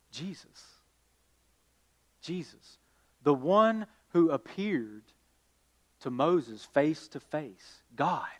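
A pastor preaching to his congregation, his voice sitting a little high for a man. He talks at an unhurried pace, swings up to loud emphatic calls, then drops to a hush. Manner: addresses listeners as y'all. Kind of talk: sermon.

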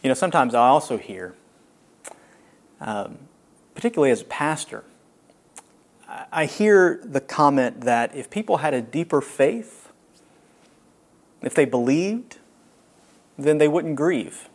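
A man preaching a sermon as a pastor, earnest and reflective, with long pauses. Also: fairly high pitch, expressive.

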